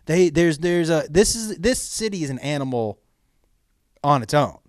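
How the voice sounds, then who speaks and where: Animated man telling stories. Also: a little high, normal speed, dry recording, clean studio sound. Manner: animated storyteller acting out quoted strangers. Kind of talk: casual comedic chat.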